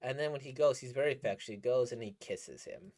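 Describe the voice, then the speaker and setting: A man's voice: mid-range voice, quick pace, a little mellow. A man giving casual, rambling commentary as he reacts to a manga he is reading, enthusiastic and laughing often.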